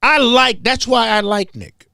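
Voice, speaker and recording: A man's voice: extremely high pitch, a little slow, bright, forceful tone, clear, resonant tone, dry recording, clean studio sound. A man from Memphis hosting a heated commentary monologue, confrontational and emphatic, hammering points home by repeating them. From Memphis, southern US. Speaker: host.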